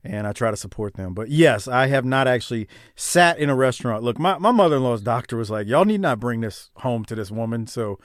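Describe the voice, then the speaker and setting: A man hosting a podcast in casual chat, measured and quick to laugh. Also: mid-range voice, lively intonation, no echo, studio quality. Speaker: podcast host.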